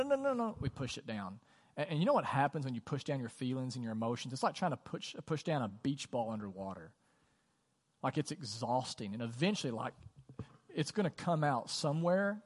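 Earnest pastor with a long church echo. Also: male voice, on the high side. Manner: conversational, earnest, repeats for emphasis. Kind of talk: sermon. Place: church sanctuary.

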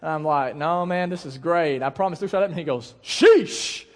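High-voiced young preacher in a reverberant hall. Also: male voice, quick pace. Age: young adult. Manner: conversational, animated, asks the crowd. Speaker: pastor. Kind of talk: sermon with storytelling. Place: church hall.

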